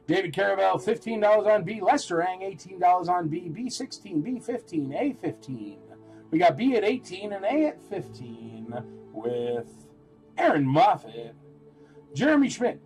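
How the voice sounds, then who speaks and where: A man hosting a live-stream toy auction, chatting in a rambling, animated way and calling out bids. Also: high-pitched, rough recording.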